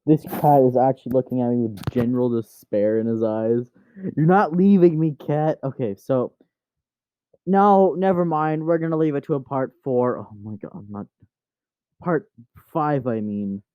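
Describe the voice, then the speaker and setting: A man's voice: medium pitch, normal speed, smooth, dry recording. A man hosting his channel, casually narrating a story while getting distracted, swearing at and teasing his cat at home. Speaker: channel host. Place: home room. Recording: dry, tinny phone-like sound.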